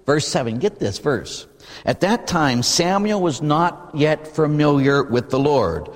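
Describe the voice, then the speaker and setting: A man, a priest, preaching a sermon in an animated, conversational way full of rhetorical questions. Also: a little high, measured pace. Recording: long reverb in a large hall.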